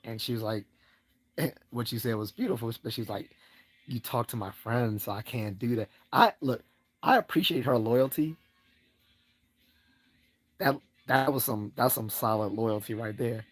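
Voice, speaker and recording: A livestream host tells a rambling personal story casually, speaking at a measured pace with frequent pauses. He laughs a lot and shifts into a higher voice to act out what other people said.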